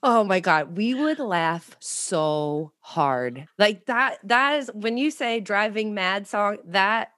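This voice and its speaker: A woman's voice: medium pitch, animated, takes it slowly, few pauses, fairly bright tone, dry recording, studio quality. A woman hosting a podcast, chatting casually and animatedly with lots of fillers and laughter. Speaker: podcast host. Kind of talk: casual chat.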